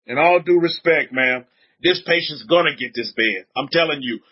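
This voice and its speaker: A man, a rabbi, preaching emphatically on a livestream, reading out chat comments and repeating his points. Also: moderate pace. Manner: emphatic, repetitive preaching with frequent pitch swings. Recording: dull lo-fi audio.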